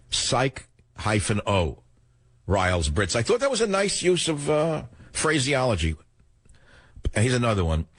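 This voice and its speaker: A man's voice: lowish voice, breathy edge, no echo. Sarcastic older man ranting on radio. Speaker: radio talk show host. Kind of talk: opinionated radio monologue.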